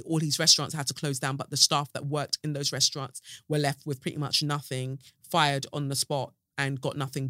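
A woman's voice: sits low, sharp tone, dry recording, studio quality. Outspoken woman podcast host. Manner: outspoken, sarcastic, drops to asides. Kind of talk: casual commentary.

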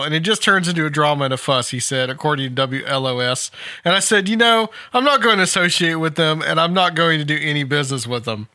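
Bright, amused man reading the news aloud. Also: on the high side, dry recording, studio quality. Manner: amused, laughs while reading. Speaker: podcast host. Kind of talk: casual commentary reading a news article.

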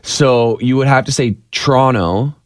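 A man co-hosting a casual chat show, animated and quick with opinions. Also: mid-range voice, dry recording, clean studio sound. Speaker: radio co-host.

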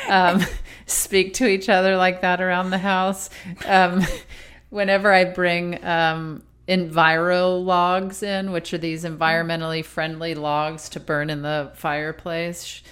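A woman's voice: lowish voice, level tone, unhurried, fairly bright tone, clear, resonant tone. Playful woman co-hosting a chat show. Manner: playful, given to comedy bits. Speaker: podcast co-host. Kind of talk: casual chat.

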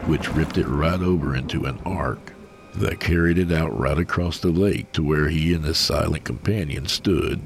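A man reading a horror story aloud in a slow, measured, grim delivery. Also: a bass voice, gravelly, a little hiss or hum. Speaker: narrator.

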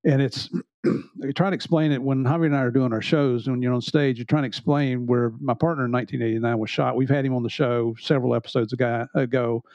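A man's voice: mid-range voice, steady tone, brisk, a little mellow, dry recording, dull audio. A middle-aged man, a former police officer hosting a podcast, speaking in an earnest, reflective way. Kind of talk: casual interview talk.

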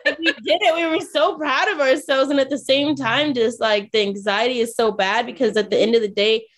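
A woman podcast co-host telling a story in casual chat, animated and acting out what people said. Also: fairly high pitch, a little fast. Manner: animated, acts out quotes from others.

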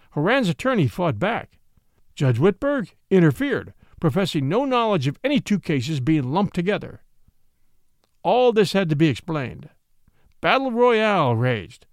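A man narrating a classic short story in an expressive, dramatic audiobook reading. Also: fairly high pitch, no echo, clean studio sound.

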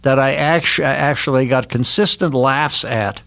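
An older man from Wisconsin tells stories at length in a studio interview. He rambles and restarts, and his voice sits at an ordinary middle pitch. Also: a little slow, gravelly, sharp tone. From Milwaukee, Wisconsin. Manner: rambling anecdotal storytelling with many restarts. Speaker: guest, actor. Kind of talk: casual interview chat. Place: recording studio.

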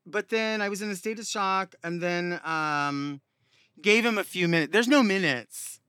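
A man's voice: sits high, moderate pace, pushed and bright, clean tone, no echo, clean studio sound. A man guest co-hosting a podcast in casual chat, who drags his words out and moans a little after them. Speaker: guest co-host.

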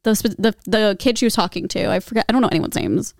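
A young woman co-hosting a podcast in loose, casual chat. She rambles and stacks fillers as she goes. Her voice sits mid-pitch, and the recording is dry and close. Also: fast talker, vocal fry, a little mellow, no room sound. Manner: chatty, rambling, many fillers and gasps. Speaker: podcast co-host.

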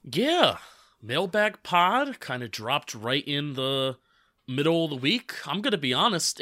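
A man co-hosting a sports podcast, talking in a relaxed, candid way. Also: mid-range voice. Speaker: podcast co-host. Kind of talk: casual sports podcast chat.

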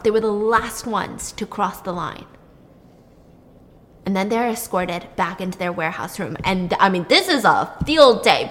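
A woman with a fairly high voice tells a story in an animated, chatty way, with "like" dropped in throughout. Her voice sits in a long, ringing reverb. It sounds like casual conversation between co-hosts. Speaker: podcast co-host recapping a show. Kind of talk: casual chat, retelling a plot.

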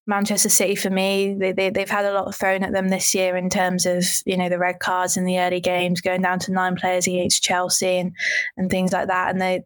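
A woman panelist on a football podcast, giving a measured, analytical opinion. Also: on the low side, no echo. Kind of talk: casual chat.

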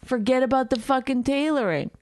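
A woman's voice: sits high, expressive, a little fast, no room sound. A woman with a New York accent co-hosting a podcast, teasing and incredulous, swearing freely in casual banter. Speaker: podcast co-host.

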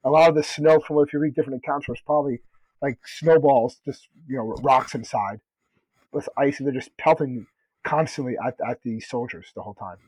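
A man's voice: medium pitch, brisk, darkish tone, no echo. A man co-hosting a podcast in casual chat, loose and rambling with lots of "like". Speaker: podcast co-host. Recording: dull lo-fi recording.

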